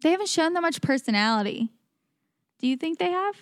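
A woman co-hosting a podcast in casual chat, animated and quick to act out quotes. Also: very high-pitched, dry recording, clean studio sound. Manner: chatty, acts out quotes with laughs. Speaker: podcast co-host.

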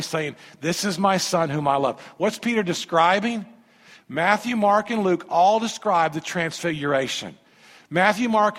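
A male pastor preaching a sermon, animated, swinging from hushed lines to loud ones. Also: fairly high pitch. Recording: long hall reverb.

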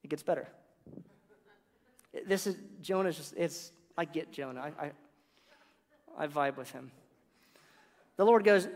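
A man delivers a sermon in a loose, joking storytelling manner, tossing slangy asides into the scripture he retells. His voice sits a little high for a man. It rings with the long reverb of a big hall. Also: takes it slowly, long pauses. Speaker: preacher.

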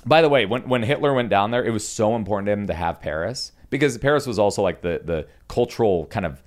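Deep-voiced man telling history jokingly. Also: fast. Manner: animated storytelling, jumps into silly voices. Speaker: comedian podcast host. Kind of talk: casual comedic history chat.

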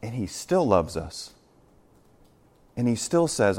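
A middle-aged pastor delivers a conversational sermon verse by verse, his voice fairly low and his pace slow. He stays animated, tosses in joking asides, and acts out the quotes.

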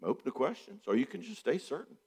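A middle-aged psychologist talks casually about relationships in a big-sounding room, his husky voice on the high side and his delivery fast. He's animated, acting out quotes in different voices, firing off rhetorical questions and repeating points for emphasis.

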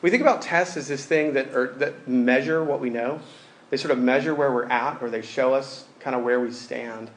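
A man's voice: mid-range voice, normal speed, slight background noise. A young man preaching a conversational sermon, reading scripture aloud and telling stories with casual fillers. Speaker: pastor.

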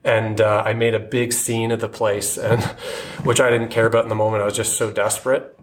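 A man telling his personal faith testimony in an earnest, halting way, often restarting his sentences. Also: lowish voice, little pitch movement, slight background noise. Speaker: guest sharing his testimony.

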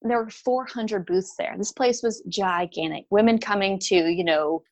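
A woman guest telling a candid story from her working life in an easygoing conversational way. Her delivery is animated, and she slips into livelier voices when quoting others. Her speech is sprinkled with "like" and "you know". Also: medium pitch, moderate pace. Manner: animated, acts out quoted people with raised voice; frequent "like" and "you know" fillers.

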